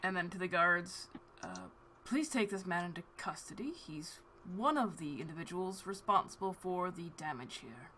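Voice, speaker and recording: A reserved older nobleman father, stern and formal, speaking low and measured in a tabletop role-play game, as a woman game master puts him on. His voice is bright and carries a faint hiss of background noise. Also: expressive. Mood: grave.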